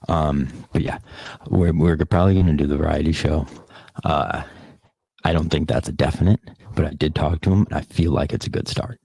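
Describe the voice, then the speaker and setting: Very deep husky-voiced man ranting. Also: a little fast, mellow, dry recording. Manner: rambling, profane, talks back to chat comments. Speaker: podcast host. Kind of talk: casual live-stream chat.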